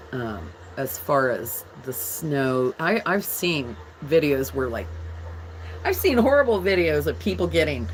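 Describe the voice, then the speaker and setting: Low, unhurried woman chatting on a live stream. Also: background noise. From England. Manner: chatty, reads viewer comments aloud while showing jewelry. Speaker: jewelry live-stream host. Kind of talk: casual live-stream chat with viewers.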